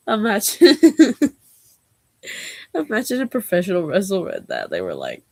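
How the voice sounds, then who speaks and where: Woman vlogger reading corny jokes, both parts herself, slow and kinda creaky, dry close sound. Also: mid-range voice, huge pitch swings, a little mellow, dry recording. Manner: reads both sides of knock-knock jokes, giggly asides. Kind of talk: reading jokes aloud, casual chat.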